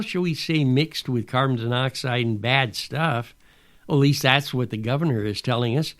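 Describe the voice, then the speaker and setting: A man hosting a podcast in a rambling, folksy monologue with sarcastic asides. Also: mid-range voice. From Pacific Northwest. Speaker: podcast host. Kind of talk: casual monologue.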